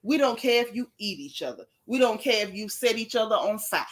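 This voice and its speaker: A woman's voice: a little high, animated, fairly quick. A woman hosting a livestream podcast, ranting in a casual, exasperated and emphatic way with dramatic repetition. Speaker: podcast host.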